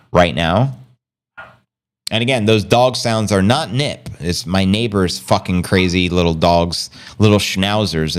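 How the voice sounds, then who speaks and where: A man hosting a casual livestream, reading out news and chat comments in a hyped, loose, chatty way. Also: lowish voice. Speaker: crypto livestream host.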